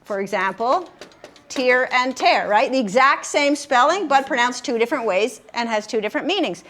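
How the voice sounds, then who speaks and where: Woman, high voice, encouraging instructor, group word game class, stretches out syllables. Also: fairly bright tone. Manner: upbeat, encouraging, slows down to stress syllables. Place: room with a live group.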